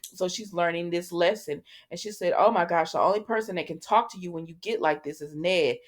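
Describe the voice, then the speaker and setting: Recapping a soap opera, this host talks loosely, acting out scenes in quoted dialogue and scattering fillers and throwaway asides. She has a lowish voice and speaks a little fast.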